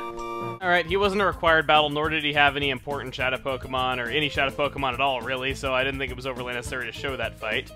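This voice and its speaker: A young man hosting a let's play, giving joking commentary that bursts into excited yelling. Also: mid-range voice. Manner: animated, joking, quick to yell in excitement. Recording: game music underneath.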